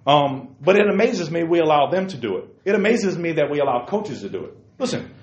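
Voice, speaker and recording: A man hosting casual opinion talk, emphatic, swinging from quiet explaining to loud bursts. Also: on the high side, very animated, brisk. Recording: roomy, dull lo-fi sound.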